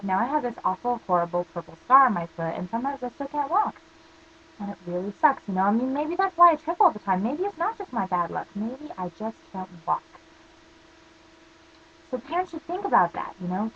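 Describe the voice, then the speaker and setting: A woman's voice: a little high, fairly bright tone, lo-fi sound, slight background noise. A teenage girl ranting casually to camera, rambling through stories full of "like" fillers. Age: teens. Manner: rambling storytelling, constant "like" fillers. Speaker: vlogger.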